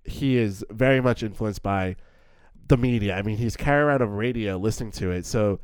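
A man's voice: fairly low pitch, fairly quick, darkish tone, smooth, no room sound. A young man co-hosting a film podcast in a casual, chatty way, full of "like" fillers and acted-out lines. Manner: chatty, lots of "like" fillers, acts out character lines. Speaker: podcast co-host.

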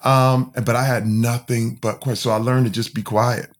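A man from Flint, Michigan, talks at an ordinary middle pitch as a podcast guest. His delivery is candid and emphatic. He often circles back, restarts his sentences and leans on fillers while he tells his story. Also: flat delivery, normal speed. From Flint, Michigan, USA.

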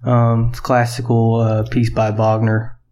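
A man's voice: medium pitch, completely flat delivery, a little slow, darkish tone. A man co-hosting a podcast, paraphrasing a TV episode in rambling casual chat with jokes and swearing. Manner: rambling, joking, profane. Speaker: podcast co-host.

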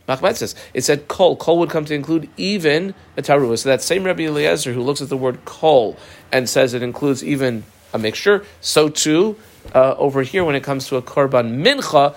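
A man teaching a Talmud class, reading the Aramaic aloud and explaining it step by step, with a yeshiva-style pronunciation of Hebrew words. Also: mid-range voice. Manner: explains term by term, reads Aramaic then translates; uses Yiddish-influenced yeshiva pronunciation of Hebrew.

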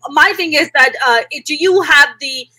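A woman's voice: sits high, normal speed, bright, forceful tone, no echo, low-quality recording. A woman hosting an interview in a playful, slangy, chatty way. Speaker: interview host. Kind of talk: casual interview chat.

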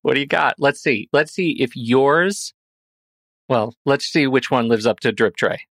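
A man co-hosting a casual film review podcast, animated and laughing often. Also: mid-range voice, unhurried, dry recording, studio quality. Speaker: podcast co-host.

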